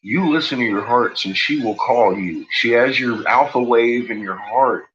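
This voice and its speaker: A man's voice: mid-range voice, moderate pace, lo-fi sound. A man on a late-night monologue, ranting and swearing heavily as he tells his story. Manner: profane, ranting, shouts in retold quotes. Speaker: host.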